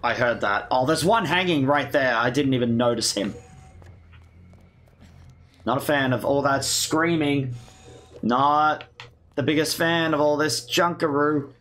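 A man's voice: medium pitch, unhurried, pauses often, a bit bright. A man giving casual, self-mocking gameplay commentary with sarcasm and swearing. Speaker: let's play gamer.

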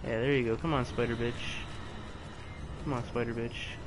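A man's voice: mid-range voice, level tone, normal speed, pauses often, noisy background. A man commentating a video game live, frustrated, swearing and taunting the enemies on screen. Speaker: let's play gamer.

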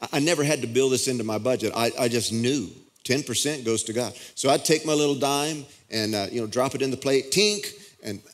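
Pastor preaching in a casual way. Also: male voice, medium pitch, brisk, few pauses. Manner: conversational preaching with frequent restarts. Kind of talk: sermon. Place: church auditorium.

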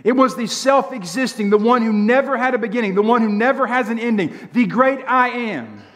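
A man's voice: very high-pitched, a bit bright. A man preaching a sermon to a congregation, emphatic and drawing out key phrases, often asking them rhetorical questions. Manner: emphatic preaching with slow drawn-out lines. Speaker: pastor. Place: church sanctuary. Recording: long church hall reverb.

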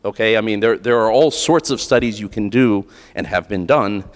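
A man's voice: on the low side, normal speed. An American man giving a keynote speech at a conference in an earnest, conversational way, often restarting phrases and adding "right?" asides. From United States. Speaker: keynote speaker. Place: large conference hall. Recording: long hall reverb.

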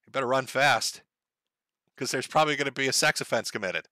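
A man's voice: mid-range voice, fairly quick, sharp tone, dry recording. A man hosting a show, giving crude, sarcastic commentary on online posts. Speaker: show host.

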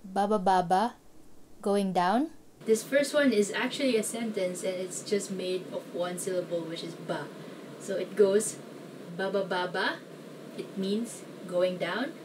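A woman teaching vocabulary in a relaxed, chatty way. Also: mid-range voice, unhurried, background noise. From Philippines. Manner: relaxed, chatty explanations with light laughs. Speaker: language teacher. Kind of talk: casual vocabulary lesson.

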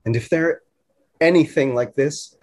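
A man acting a young man who tells a tender, halting story straight to the audience in a stage play. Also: fairly high pitch. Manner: halting, emotional storytelling with restarts. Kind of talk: theatrical monologue to the audience.

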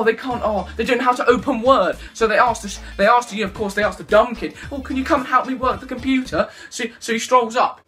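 Loud young guy ranting away, high bright voice, quick to get worked up. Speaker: YouTuber. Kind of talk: ranting vlog.

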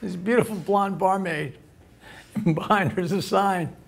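A man's voice: high voice, unhurried, creaky. A man in his sixties hosting a comedy club show, telling dirty jokes and laughing at his own punchlines. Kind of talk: stand-up joke telling.

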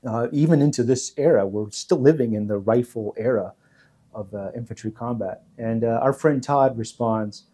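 A man hosting a history video, explaining in a relaxed, measured way with frequent pauses. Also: mid-range voice, slightly rough. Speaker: host.

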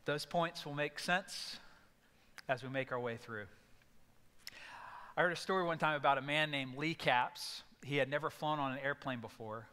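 A man's voice: a little high, moderate pace, pushed and bright, clean tone, in a large hall. A male pastor giving a sermon, telling stories and acting out voices in bursts. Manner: storytelling with sudden acted outbursts. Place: church sanctuary.

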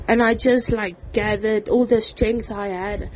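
A woman gives a personal faith testimony. She speaks haltingly and fills her pauses with "like" and "um". The recording is dull and lo-fi, with a faint hiss behind her. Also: mid-range voice, fairly even intonation. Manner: halting, with frequent "like" and "um".

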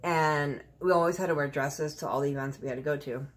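A middle-aged woman chatting casually through a beauty unboxing, blunt and quick to cuss. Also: low voice, steady tone. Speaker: beauty vlogger.

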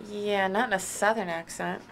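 A woman's voice: medium pitch, steady tone, normal speed, creaky, a little hiss or hum, natural voice. A woman playing a sarcastic ex-girlfriend. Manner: sarcastic, biting. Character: sharp-tongued, sarcastic ex-girlfriend. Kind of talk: indie comedy drama acting.

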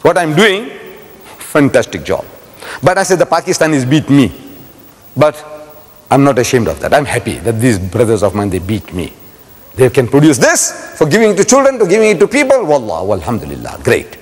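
A man's voice: mid-range voice, normal speed, husky. Older South African man lecturing, echoey hall. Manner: animated storyteller with rhetorical questions to the crowd. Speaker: Islamic lecturer. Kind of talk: religious lecture to a live audience. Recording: echoey hall with long reverb.

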